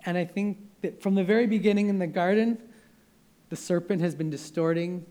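A young male preacher gives a sermon in a slightly higher-than-usual voice. He talks in an earnest, conversational way, circling back and restarting his sentences as he goes. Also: fairly even intonation, moderate pace, pauses often, mellow.

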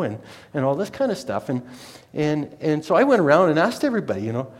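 A man with a fairly high voice talks fast, his pitch swinging widely as he tells a personal anecdote. The account is informal and meandering, with frequent self-corrections.

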